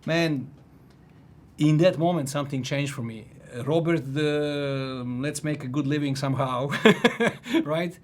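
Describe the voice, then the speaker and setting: Animated man telling a story, slightly high voice. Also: a little slow. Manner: animated, frequent restarts and laughs, "if you know what I mean". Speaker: guest telling a personal story. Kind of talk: casual storytelling chat.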